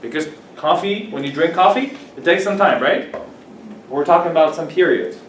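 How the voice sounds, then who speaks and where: A man leads an English class, patiently working through example sentences and drawing out key words. His voice sits slightly high for a man. He is picked up from a distance in an echoey classroom with faint background hiss. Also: normal speed. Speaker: English teacher. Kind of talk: classroom teaching.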